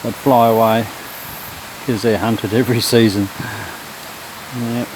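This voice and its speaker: A man giving relaxed, low-key commentary to the camera as he walks a garden trail beside a stream. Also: slow. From Australia. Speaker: vlogger. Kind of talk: casual walking commentary. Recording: outdoor noise, running stream behind.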